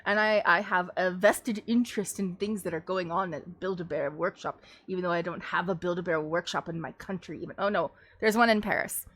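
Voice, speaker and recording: Animated, rambling woman streamer. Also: on the low side, brisk, few pauses. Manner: rambling and animated, laughing often. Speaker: livestream host. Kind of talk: casual chat.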